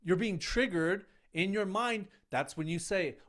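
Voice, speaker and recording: A man's voice: sits high, a little slow, hardly any pauses, a bit bright. Earnest man giving a self-help talk. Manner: earnest, emphatic, speaks in short punchy phrases. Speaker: men's coach.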